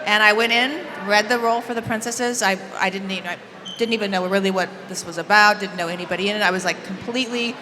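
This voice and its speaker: A woman from Idaho on a convention panel, telling anecdotes in a relaxed, halting way. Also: medium pitch. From Idaho, USA. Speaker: panel guest. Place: large convention hall. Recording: echoey hall with background noise.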